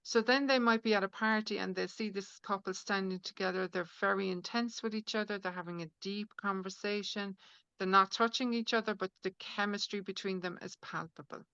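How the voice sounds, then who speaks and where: A woman's voice: mid-range voice, fairly even intonation, fairly quick, pushed and bright, smooth, no echo, highs cut off. A woman being interviewed as a spiritual healer, speaking earnestly in a rambling way with many fillers and restarts. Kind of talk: conversational podcast interview.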